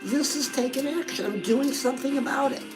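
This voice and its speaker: A woman with a notably high voice hosts a comedic live self-help show, coaching in a chatty, sassy way and saying "girl" again and again. Clear music plays beneath her throughout, she speaks a little fast, and the recording is rough.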